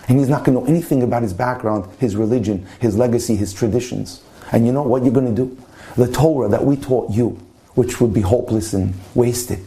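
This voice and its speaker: A stern old yeshiva dean, as a storyteller puts him on, scolding and indignant. His voice stays warm and mellow even when he bristles, and the pitch sits in an ordinary middle range. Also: natural voice. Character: older male yeshiva dean, stern and unforgiving.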